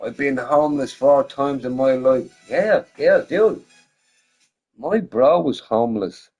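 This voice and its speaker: A man's voice: mid-range voice, slow pace, darkish tone, highs cut off, faint music behind. A man streaming a game while a little drunk, chatting casually in a rambling way, swearing a lot and laughing often. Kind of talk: casual live-stream chat.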